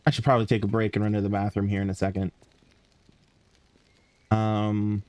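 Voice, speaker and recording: A man's voice: lowish voice, steady tone, moderate pace, pauses often, a little mellow, no room sound. A tired young man talking casually to himself while streaming a game, mumbling and swearing now and then. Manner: drowsy, yawning, mutters to himself, swears casually. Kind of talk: casual gameplay commentary.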